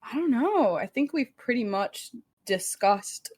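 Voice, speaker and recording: A woman's voice: a little high, expressive, a little slow, darkish tone, husky. Chatty young woman podcast co-host. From Staten Island, New York. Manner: chatty, laughs often, says "like" a lot. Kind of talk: casual chat.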